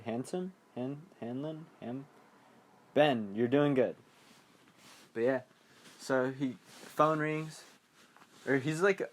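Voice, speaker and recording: A young man hosting a podcast, casually recapping a horror movie in a rambling, giggly way and acting out the characters' lines. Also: medium pitch. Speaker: podcast host.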